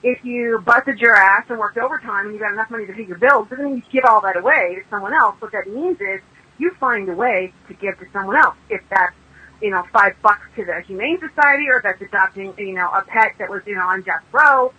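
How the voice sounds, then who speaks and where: A woman's voice: medium pitch, brisk, pushed and bright, husky, low-quality recording. A woman author being interviewed, telling stories in a chatty, emphatic way and acting out the people she quotes. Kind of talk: casual interview storytelling.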